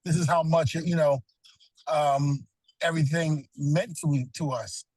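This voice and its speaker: A man's voice: on the high side, fairly even intonation, a little slow, a little mellow, no room sound, low-quality recording. A middle-aged man, a retired pro wrestler, telling earnest stories as a guest in a casual interview, with many "you know"s.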